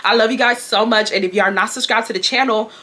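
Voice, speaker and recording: A young woman from Houston, Texas, a beauty vlogger, tells her viewers a work story in blunt, chatty talk, calling them y'all. Her voice is fairly high, steady, and sharp, and she speaks at a quick pace.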